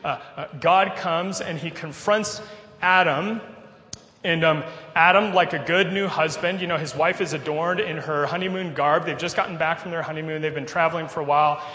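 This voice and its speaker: A pastor with a nasal voice and a slightly high pitch gives a conversational sermon, dropping in casual asides. He is recorded in a hall with lots of echo and a long reverb tail. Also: normal speed, pushed and bright.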